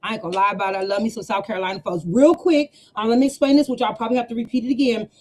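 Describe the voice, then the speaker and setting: Woman, high voice, business coach, casual livestream chat, slangy, talks to viewers like family. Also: fairly even intonation, very fast. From US West Coast. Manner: chatty, warm slang, laughs often, addresses viewers as y'all and honey. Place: home room. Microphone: webcam setup with two cameras.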